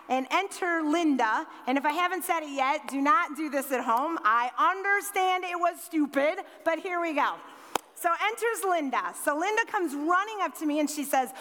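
A high-pitched woman in her forties tells a personal story to a live audience. She is lively, slips into other people's voices for quotes, and fills pauses with ums. Her voice rings through a large hall with a long reverb tail. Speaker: speaker telling a personal story.

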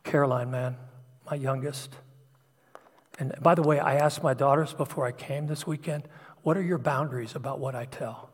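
Husky man preaching in a big hall. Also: medium pitch, steady tone, normal speed. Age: middle-aged. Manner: confessional, emotional, drops to whispers and surges louder. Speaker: pastor. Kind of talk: personal testimony sermon. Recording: long hall reverb.

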